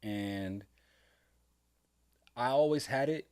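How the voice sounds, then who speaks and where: A middle-aged man talking earnestly with his son on a casual podcast, heartfelt and sometimes breaking into loud laughing storytelling. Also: mid-range voice, very slow. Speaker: podcast co-host, father. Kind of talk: casual father-son conversation.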